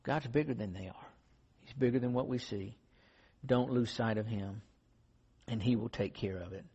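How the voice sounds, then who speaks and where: This man's mid-range voice is warm and slightly rough, moving at normal speed as he preaches a sermon in an earnest, conversational storytelling style that finishes with a prayer. It's a dull, lo-fi recording made in a reverberant hall.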